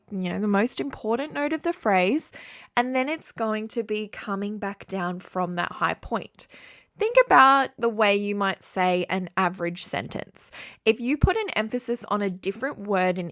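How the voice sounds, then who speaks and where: A woman hosts a short music-lesson podcast, explaining ideas in a clear, friendly teaching tone. Her voice sits at an ordinary middle pitch. The sound is dry and close, with no room echo. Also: a bit bright. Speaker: saxophone teacher and podcast host. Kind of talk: scripted solo podcast lesson.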